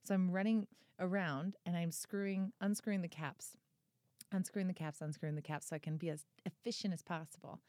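A woman's voice: fairly low pitch, steady tone, fairly quick, a little mellow, dry recording, clean studio sound. A woman of about thirty chatting casually on a podcast, telling a story with lots of energy, fillers and swearing. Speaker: podcast co-host and author. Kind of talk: casual chat.

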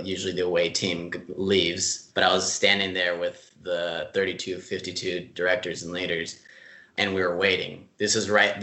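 A man telling stories in a casual interview, relaxed and full of fillers, laughing easily. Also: sits low, roomy sound. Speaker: club staff member being interviewed.

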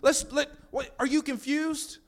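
A man's voice: very high voice, fairly even intonation, creaky, pitched above the performer's own voice, exaggerated voice. A man voicing God as a reassuring heavenly father who eagerly offers to take people's burdens. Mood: eager, coaxing. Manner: coaxing, repeating offers in quick bursts.

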